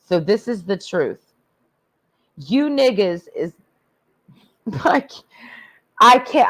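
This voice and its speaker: Tipsy woman ranting crudely and slowly. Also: medium pitch. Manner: blunt, crude, rambling rant. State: tipsy from drinking. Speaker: livestreamer. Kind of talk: profane ranting livestream monologue.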